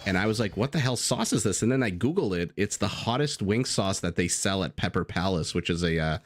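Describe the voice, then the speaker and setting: A deep-voiced man talks a little fast while casting a strategy game live. Easygoing and chatty, he swears casually and tells stories to viewers as he goes.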